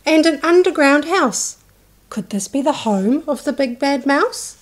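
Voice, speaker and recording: A woman reading a picture book aloud to children, slow and expressive, voicing the characters. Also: high voice. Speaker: childcare storyteller.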